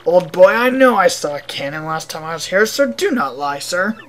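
A woman's voice: fairly low pitch, very animated, moderate pace. A woman voicing a blustering, stuffy old male bomb sailor who talks in a huffy, formal way. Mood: indignant.

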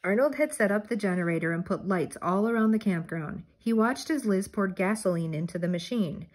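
An older woman reads a children's chapter book aloud at an even, steady pace. Her voice is husky, with a relaxed storytelling manner. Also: medium pitch, brisk. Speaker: storybook reader.

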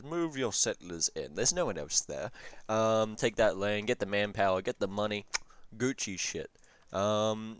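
A low-voiced young man talks through a strategy game replay in loose, profane, rambling commentary full of jokes and asides. His voice is smooth and close to the mic in a dry space, with faint music underneath. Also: expressive, measured pace, dry recording. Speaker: gaming commentator. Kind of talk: casual strategy game review.

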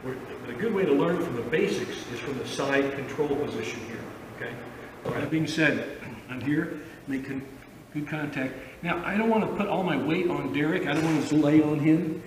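A man's voice: on the high side, brisk, reverberant, long reverb tail, far from the mic, background noise. A man teaching a judo arm lock, explaining in an informal way with repeated okay checks. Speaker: judo instructor. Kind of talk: instructional demonstration and commentary.

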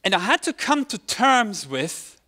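A man's voice: sits high, big pitch swings, a little slow, pushed and bright. A man in his forties from Germany with a German accent over British English, preaching a personal, conversational sermon with self-deprecating asides. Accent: German, with British English layered on. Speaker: pastor.

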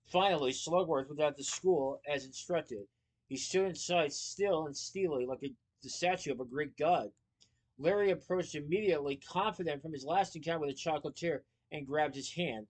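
A man reading a children's novel aloud, lively, with small slips and playful asides. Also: on the high side, normal speed. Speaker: storyteller.

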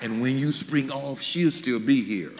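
A man, a bishop, preaching a sermon as an animated storyteller, with folksy asides and frequent restarts. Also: mid-range voice, unhurried, in a large hall, heavy background noise.

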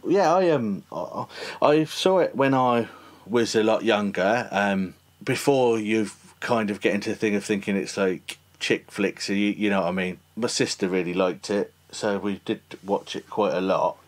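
A man hosts a relaxed podcast about films. His voice sits fairly low. He talks in a loose, joking way and laughs often. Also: moderate pace. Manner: chatty, self-deprecating, laughs often. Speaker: podcast host. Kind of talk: casual podcast chat.

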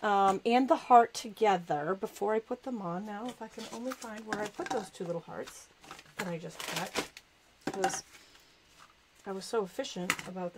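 Hosting a live crafting show, a woman chats while her hands stay busy with the work, laughing often and poking fun at herself. Her voice is medium in pitch, and the audio is very noisy.

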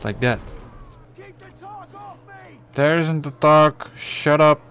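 A man's voice: a little high, drawn-out words, a bit bright. A man commentating his own gameplay, exasperated and swearing constantly while muttering to himself. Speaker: let's play gamer.

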